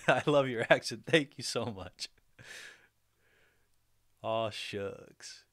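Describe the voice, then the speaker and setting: A man's voice: mid-range voice, extremely slow, a bit bright, dry recording, studio quality. A young man hosting a livestream, chatting casually and upbeat, laughing often as he reads out viewer comments. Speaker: livestream host.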